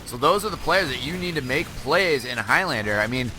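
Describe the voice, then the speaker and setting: Bright-voiced male game analyst. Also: medium pitch, expressive, brisk, a little hiss or hum. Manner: analytical, chatty, laughs often, filler-heavy. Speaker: esports co-caster. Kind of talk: live color commentary.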